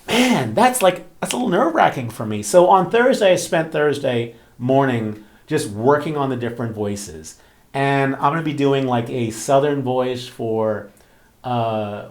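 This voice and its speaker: A man, a romance author and channel host, telling a story in casual chat with lots of fillers and acted-out quotes. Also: mid-range voice. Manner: animated storytelling, frequent fillers, acts out quoted voices. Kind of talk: casual talking-head chat.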